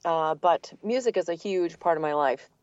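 An older woman, a voice actor from the Boston area with a neutral standard accent, telling her story in a relaxed, articulate interview. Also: on the low side, moderate pace, no echo, dull audio. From Boston area, USA. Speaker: guest, voice actor. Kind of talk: casual interview answers.

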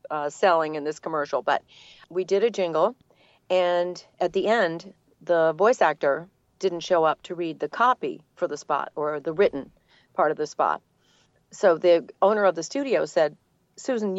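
An older woman, a voice actor, telling her story in a relaxed, articulate interview manner with a neutral accent. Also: lowish voice, dry recording, dull audio. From Boston area, United States. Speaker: guest, voice actor. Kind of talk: conversational interview.

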